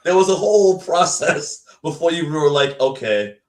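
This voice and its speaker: A man's voice: on the high side, animated, normal speed, darkish tone. A man talking reflectively and hesitantly on a casual show, restarting his sentences as he goes. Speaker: guest host. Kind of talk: casual podcast talk. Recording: echoey and distant mic.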